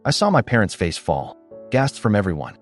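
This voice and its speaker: A man giving scripted first-person narration of a story in a steady, animated storytelling delivery. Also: lowish voice, moderate pace. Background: faint background music.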